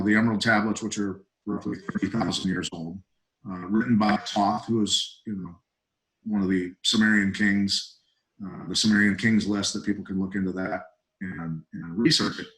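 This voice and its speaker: A middle-aged man, a retired fighter, telling stories as a podcast guest in a blunt, emphatic, animated way. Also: lowish voice, normal speed, low-quality recording. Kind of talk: casual podcast storytelling.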